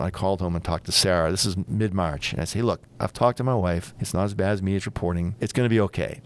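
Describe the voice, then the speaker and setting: An older man with a very low voice tells stories from his years as a ship captain. He talks quickly and candidly, acting out bits of dialogue as he goes. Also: clean tone. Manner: candid, storytelling with quoted dialogue. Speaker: former aircraft carrier captain, guest. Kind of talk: storytelling interview.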